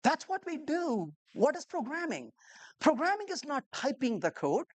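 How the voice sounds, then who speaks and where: Woman, conference speaker, a bit high-pitched, very animated storyteller who acts out conversations. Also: normal speed. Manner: rhetorical questions to the audience. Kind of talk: live conference talk to a room of developers.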